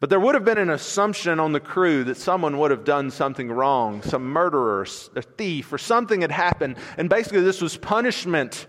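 A man's voice: on the high side, lively intonation, a little fast, hardly any pauses, a bit bright. A male pastor preaching an expository sermon in a conversational, storytelling way with acted asides, recorded in a church sanctuary. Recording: long reverb in a large hall.

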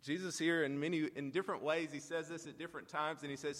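Pastor guy preaching, high voice, emphatic, lots of hall echo. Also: steady tone, fairly bright tone. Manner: earnest, emphatic preaching with drawn-out pauses. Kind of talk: sermon. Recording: long hall reverb.

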